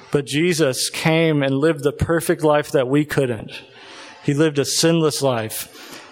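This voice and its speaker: A man preaching a sermon, earnest and emotional, reading scripture aloud and pausing now and then to collect himself. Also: fairly high pitch.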